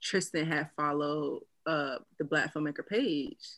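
A young woman chatting casually as a guest, relaxed and talkative, acting out quotes in a raised voice. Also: deep voice, unhurried, no room sound. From US East Coast. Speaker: brand founder and guest. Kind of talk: casual interview chat.

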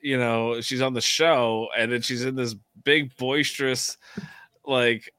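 An animated man co-hosting a relaxed chat show, laughing often as he talks. His voice sits in a middle register and sounds dry, with no room around it. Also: medium pitch, slow, clean tone, no echo. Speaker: podcast co-host. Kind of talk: casual chat.

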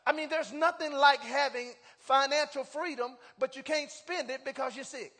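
A man preaching a sermon as pastor, calling on the congregation to answer back and building up to shouts. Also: very high voice, moderate pace, long reverb tail. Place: church sanctuary.

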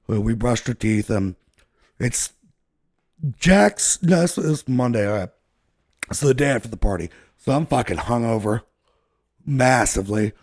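A man's voice: medium pitch, expressive, a little slow, long pauses, darkish tone, no room sound, studio quality. A man casually telling a long, profane story to friends, rambling and laughing at himself. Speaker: podcast co-host telling a story.

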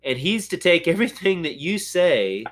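A man's voice: fairly high pitch, big pitch swings, moderate pace, fairly bright tone. A man hosting a podcast, talking through scripture casually and thinking aloud with frequent ums and uhs. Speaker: podcast host. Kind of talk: casual Bible discussion.

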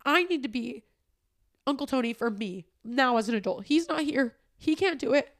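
A woman's voice: high-pitched, expressive, normal speed. Tearful young woman podcast host. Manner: candid and tearful, often swearing, emphatic. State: crying at times. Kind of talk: personal, emotional solo podcast talk.

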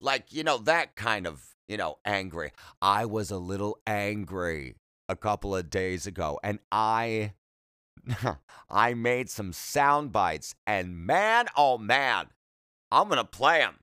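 A man's voice: fairly low pitch, very animated, takes it slowly, pushed and bright, clean tone, no room sound. A man hosting a solo podcast, rambling in a chatty, self-deprecating way with jokey asides, speaking close to the mic. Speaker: podcast host.

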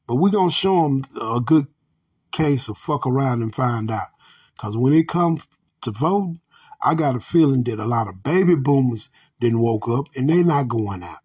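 An American podcast host rants bluntly in an angry commentary, swearing heavily and calling his listeners family. His voice is medium-pitched and animated, with a darkish, breathy tone, at a normal speed.

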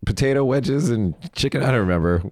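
A man co-hosting a podcast, telling stories in casual, animated chat with quick laughs. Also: medium pitch, no echo, clean studio sound. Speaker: podcast co-host.

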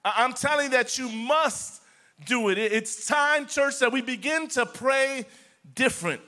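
High bright-voiced preaching man. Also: measured pace. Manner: impassioned preaching, repetitive, addresses the congregation as church. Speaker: pastor. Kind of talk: sermon.

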